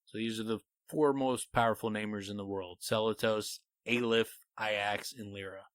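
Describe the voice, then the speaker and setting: A man's voice: fairly low pitch, normal speed, no echo. A man co-hosting a podcast, eagerly explaining a fantasy book theory in casual chat and reading passages aloud. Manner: animated, explains theories, reads quotes aloud. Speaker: podcast co-host.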